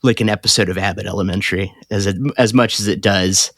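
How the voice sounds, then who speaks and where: A man co-hosting a podcast in casual chat, animated and laughing often, with a Southern US accent. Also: fast, no room sound, studio quality. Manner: animated, laughs often, mimics lines in a higher voice. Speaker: podcast co-host.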